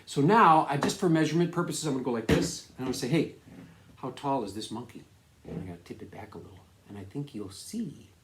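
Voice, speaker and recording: A man's voice: mid-range voice, a little mellow, slight background noise. A man teaching a science lesson in a casual, upbeat way, laughing often and checking that students follow along. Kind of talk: casual classroom video lesson. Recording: echoey room.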